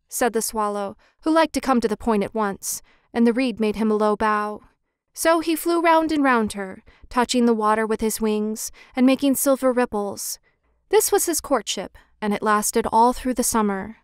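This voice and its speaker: A woman narrating a fairy tale audiobook in a gentle, expressive read-aloud manner. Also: fairly high pitch, moderate pace, clean tone, no room sound, clean studio sound. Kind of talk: storybook narration.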